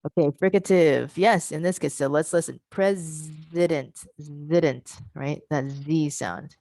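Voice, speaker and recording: A woman with a notably low voice leads an online teaching workshop over a video call. She explains patiently, breaking words into parts and sounding each one out slowly. The sound is dry and close, with no room around it. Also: creaky, darkish tone, no echo. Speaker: workshop presenter.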